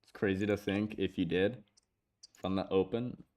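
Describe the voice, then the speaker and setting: Guy hosting a trading stream, lowish voice, gets hyped and swears a lot. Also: moderate pace. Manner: excitable, swears freely, laughs often. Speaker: stream host. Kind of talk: casual trading stream chat.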